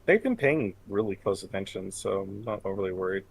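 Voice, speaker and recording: A man's voice: sits low, expressive, a little fast, gravelly, slightly rough. A man from Canada chatting casually as game master before a tabletop session, mumbling at times and swearing freely when he rants.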